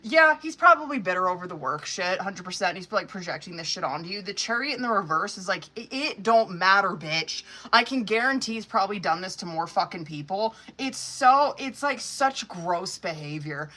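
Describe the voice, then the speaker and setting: A woman's voice: mid-range voice, lively intonation, brisk, few pauses, pushed and bright. A young woman reading tarot on a live stream, blunt, sassy and full of swearing. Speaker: tarot reader.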